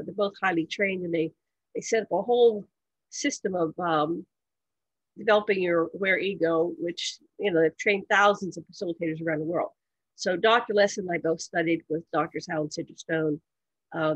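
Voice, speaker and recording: A woman's voice: on the low side, a bit bright, husky, no room sound, dull audio. A woman presenting a workshop in a casual, rambling way with many fillers and restarts.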